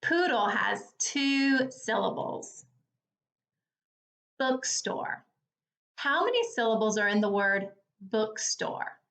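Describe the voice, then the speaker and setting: A woman teacher leading a phonics lesson for young children, speaking slowly and clearly with an encouraging tone. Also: fairly high pitch, lively intonation, fairly bright tone. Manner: slow, clear, encouraging, over-articulated.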